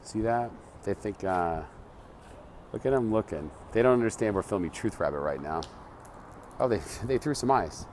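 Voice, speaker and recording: A man's voice: on the low side, expressive, normal speed, darkish tone, a little hiss or hum. A man managing a band, telling earnest, profane stories in a casual vlog from a city street at night.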